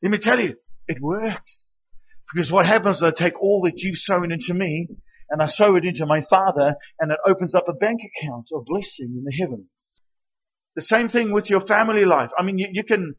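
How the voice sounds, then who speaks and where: A man with a high voice preaches as a guest speaker, acting out little dialogues as he tells his stories. At times he drops to a hushed, intimate tone. The recording sounds dull and lo-fi. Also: husky. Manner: animated storytelling with acted quotes. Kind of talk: sermon.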